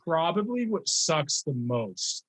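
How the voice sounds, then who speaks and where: A young man hosting a casual podcast chat, talking in an animated, rambling way full of fillers. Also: fairly high pitch, slow pace, rough recording. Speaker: podcast host and music reaction creator.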